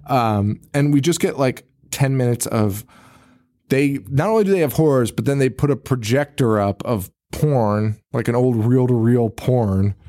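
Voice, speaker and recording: A man's voice: medium pitch, unhurried, mellow. Laughing, profane man recapping a film. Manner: profane, laughing, acts out characters' lines. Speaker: podcast host. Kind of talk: casual movie recap chat.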